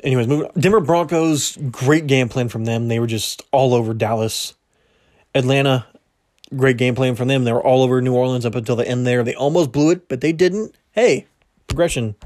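A young man hosts a solo sports podcast, talking casually and rambling, often correcting himself and laughing at his own slips. His voice is mid-range, fairly quick and a little mellow, though it sounds slightly strained.

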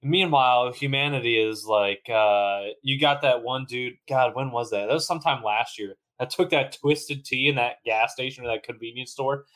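A man's voice: medium pitch, normal speed, hardly any pauses, fairly bright tone. A man co-hosting a podcast in casual chat, laughing often, swearing freely and restarting his sentences. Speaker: podcast co-host.

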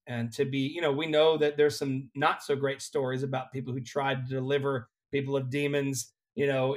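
A young adult man, a worship leader, telling an earnest, animated personal story in a relaxed conversation. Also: mid-range voice.

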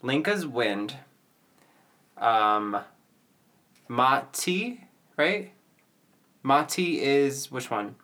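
A man's voice: medium pitch, expressive, drawn-out words, pauses often, bright, forceful tone. A man co-hosting a podcast, recapping a cartoon in casual chat, rambling and correcting himself. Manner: rambling, many fillers and self-corrections. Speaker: podcast co-host.

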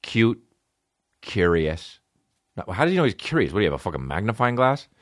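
A man's voice: lowish voice, very animated, fairly quick, no room sound, clean studio sound. Rambling, sarcastic male podcast host. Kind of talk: casual comedy podcast chat.

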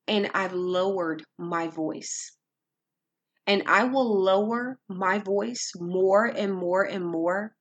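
A woman giving calm, earnest faith-based advice on dealing with difficult people, in a measured teaching manner. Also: mid-range voice, slightly rough. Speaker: Christian speaker.

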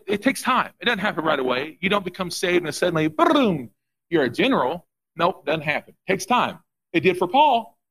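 A middle-aged pastor preaching a fervent sermon, repeating phrases and breaking into quick asides. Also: male voice, sits high, a bit bright. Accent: Midwestern US.

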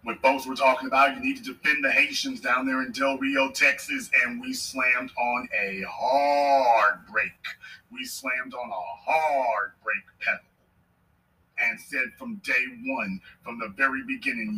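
A man's voice: mid-range voice, steady tone, unhurried, pushed and bright, far from the mic, low-quality recording. A man hosting a podcast, giving a political commentary monologue emphatically and repeating his points for effect. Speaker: podcast host.

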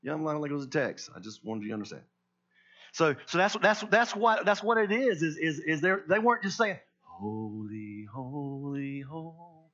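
A pastor preaching a sermon in an emphatic way, swinging between hushed and loud. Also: male voice, a little high, lively intonation, fairly quick, muffled recording.

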